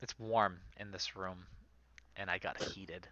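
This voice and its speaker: A man narrating a tabletop game as game master, animated and lively. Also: sits low, slow pace, dull audio.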